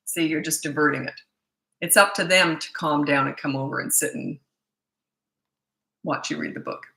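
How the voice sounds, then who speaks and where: A woman's voice: low voice, moderate pace, creaky, pushed and bright, roomy sound, low-quality recording. A middle-aged woman parenting coach answering viewer questions in a blunt, emphatic way, often restarting her sentences.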